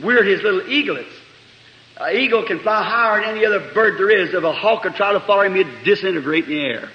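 A man preaching a sermon, telling a personal story with passion, moving between quiet asides and sudden shouts. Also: high voice, animated, fast. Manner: impassioned, swings between soft asides and shouts. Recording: dull lo-fi 1960s tape in an echoey hall.

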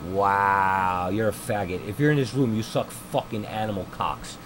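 Speaking at a moderate pace in a fairly low voice, this young gameplay streamer rants crudely and mockingly in slang while playing at home. The audio comes through a noise-cancelling headset mic, with constant noise behind him.

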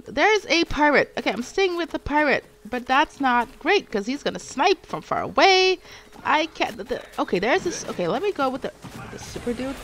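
A woman's voice: sits high, sing-song, normal speed, a bit bright. A woman streaming a video game, talking to herself as she plays and breaking into panicked shrieks when attacked. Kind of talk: live gameplay commentary.

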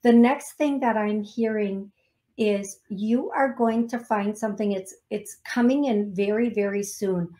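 A woman psychic medium giving a call-in reading on a radio show, speaking gently and calling the caller love. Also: medium pitch, a little slow. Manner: soft-spoken, affectionate, calls caller love. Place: radio studio.

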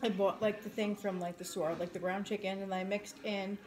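A woman's voice: mid-range voice, level tone, fairly quick, a little mellow, a little hiss or hum. A young woman co-hosting a casual live stream. She talks about her food with lots of "like" and thanks viewers by name. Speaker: co-host girlfriend. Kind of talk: casual live chat eating on camera.

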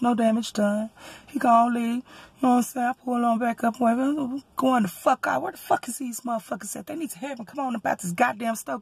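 A woman with a Southern US accent, a rideshare driver from Texas, telling a story in a profane, animated rant and loudly acting out what people said. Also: on the high side, gravelly, breathy edge, no echo.

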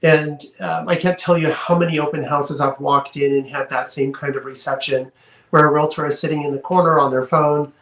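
A man who works as a realtor, speaking in a measured way with frequent pauses and "um"s. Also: fairly high pitch, steady tone, a bit bright. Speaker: realtor, panelist. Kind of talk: casual chat. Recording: roomy echo.

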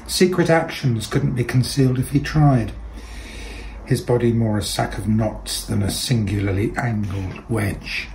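A man reading literary fiction aloud in a measured, deliberate way. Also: on the low side, darkish tone, slight background noise, poor audio. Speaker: reader.

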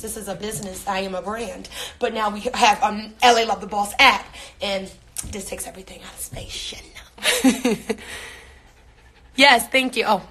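A woman's voice: mid-range voice, fairly bright tone, a little hiss or hum. A young woman chatting casually on a phone livestream, reading viewer comments and laughing often. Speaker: social media personality.

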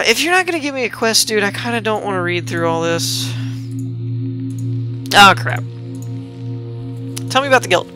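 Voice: mid-range voice, lively intonation. Chatty let's-play host over game music. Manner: chatty, reads game text aloud, quick exclamations. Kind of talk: casual gameplay commentary.

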